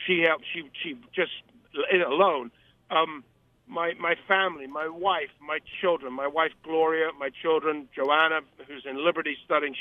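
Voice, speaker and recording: A man with a high voice talks in a rambling, emphatic way, circling back and repeating himself. He comes through a tinny, dry phone line as a guest on a radio interview. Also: dry recording. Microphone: telephone.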